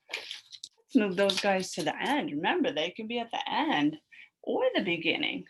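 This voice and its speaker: A woman's voice: on the low side, expressive, unhurried, breathy edge, poor audio. A woman teacher leading a phonics lesson for young children, sounding out word parts, blending them and praising the class in a sing-song way. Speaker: elementary school teacher.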